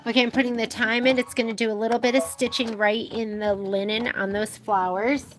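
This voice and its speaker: A woman's voice: fairly high pitch, flat delivery, a little fast, soft background music. A young American woman teaching a casual live stitch-along, chatting with viewers as she works. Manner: chatty, talks to viewers while working. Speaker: sewing instructor.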